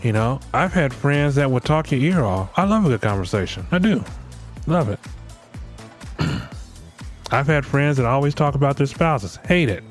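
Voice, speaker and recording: A man's voice: medium pitch, lively intonation, normal speed, long pauses, faint music behind. A man hosting a solo comedic rant, blunt and profane, slipping into voices of the people he quotes. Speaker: podcast host.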